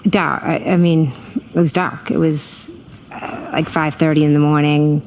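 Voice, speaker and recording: A middle-aged woman gives courtroom testimony in a deep, gravelly voice. She hesitates often, filling gaps with ums, and keeps her answers short, with a faint hiss under her speech. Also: little pitch movement, unhurried, a little mellow. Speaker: trial witness.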